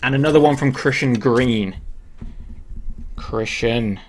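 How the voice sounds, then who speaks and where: A man's voice: medium pitch, slow, noisy background. A man hosting a live stream, chatting casually and joking about each card as he opens it.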